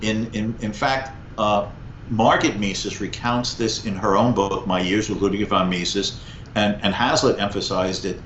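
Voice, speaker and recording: A man's voice: lowish voice, a little slow, slight background noise. Man in his sixties telling stories in an echoey room. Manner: animated anecdote teller, lively vocal emphasis. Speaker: guest, economics professor. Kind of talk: storytelling in a conversational interview. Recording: echoey, slightly muffled room.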